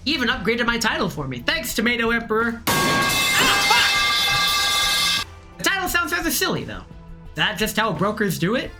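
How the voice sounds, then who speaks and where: A tipsy woman streaming a game, reading its text aloud and rambling off on tangents in an excitable, profane way. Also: a little high, fast, loud music behind the voice. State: tipsy from drinking.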